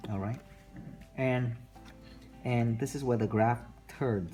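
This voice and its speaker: A man teaching a math lesson, calmly repeating each step while he sketches a graph. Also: mid-range voice, faint music behind. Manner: slow, repetitive, talking through steps while sketching. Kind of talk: classroom lecture recorded for students.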